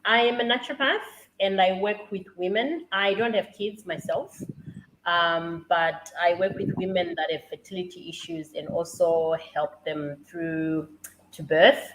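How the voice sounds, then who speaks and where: A woman's voice: on the low side, fairly bright tone, a little hiss or hum, poor audio. A woman from Australia, a naturopath, introducing herself on a video call in a thoughtful, hesitant way. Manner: thoughtful and hesitant, pauses with fillers. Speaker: guest, naturopath.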